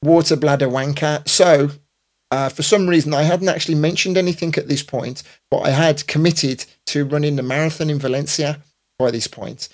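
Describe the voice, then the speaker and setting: A man's voice: on the high side, fairly even intonation, normal speed, a little mellow. A man in his fifties, a DJ hosting a casual live stream, rambling with lots of fillers and restarts. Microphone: computer or phone mic on a live stream.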